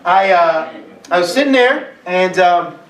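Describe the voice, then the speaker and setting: Joking preacher with a high voice. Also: male voice, lively intonation, measured pace. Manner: joking storyteller, self-mocking. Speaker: pastor. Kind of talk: sermon. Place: church hall. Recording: echoey church hall from far off.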